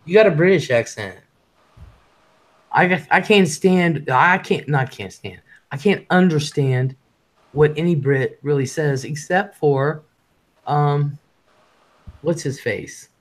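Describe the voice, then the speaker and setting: A man hosting a casual live stream. He talks fast, swears freely and reads chat messages aloud. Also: a little high.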